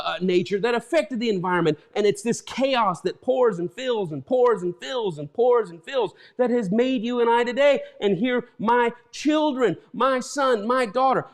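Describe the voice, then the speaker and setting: Male pastor, middle-aged, high voice, rambling sermon, repeats himself. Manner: rambling, repeats words, emotional. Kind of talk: informal sermon.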